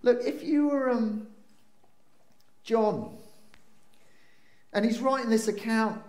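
A man preaching a lively sermon, swinging between excited bursts and hushed, slowed moments. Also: extremely high pitch. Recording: roomy echo.

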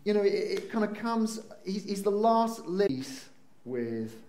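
A man preaching a lively sermon, swinging between excited bursts and hushed, slowed moments. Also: high-pitched, a little hiss or hum. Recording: roomy echo.

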